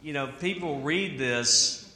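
A man preaching a sermon in an animated way, with humor and asides. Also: on the high side, slow, a little hiss or hum. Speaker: pastor. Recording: echoey hall.

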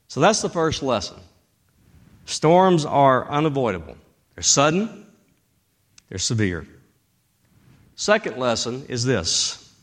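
A male pastor preaching a sermon dramatically, swinging between loud bursts and hushed tones. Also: medium pitch.

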